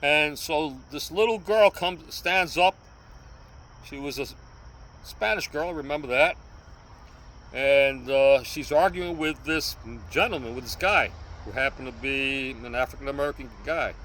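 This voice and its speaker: A man's voice: a little high, unhurried, low-quality recording. Older New man telling a street story. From New York. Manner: animated, punctuates with sound effects. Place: outdoors on a city street.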